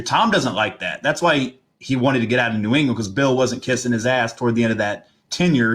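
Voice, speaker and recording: On a laid-back football talk show, a male co-host with a mid-range voice rambles through his opinionated take. His delivery is animated and loose.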